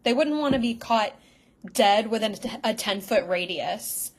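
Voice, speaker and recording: A young woman co-hosting a podcast, trading quips in casual chat and laughing easily. Her voice sits on the higher side. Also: expressive. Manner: wisecracking, quick to laugh. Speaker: podcast co-host.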